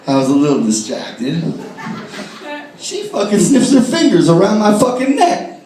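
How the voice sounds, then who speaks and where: Profane high-voiced male stand-up comic. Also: normal speed. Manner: profane, animated, shouting punchlines. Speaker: stand-up comedian. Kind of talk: live stand-up routine. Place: bar stage with live audience. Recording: echoey bar, distant mic, loud crowd laughter.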